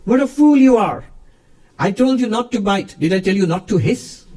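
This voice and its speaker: A man's voice: a little high, fast, a little mellow, recorded from a distance, voice pushed up, natural voice. A man voicing a stern wandering holy man, a guru, in a raised, emphatic voice. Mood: scolding.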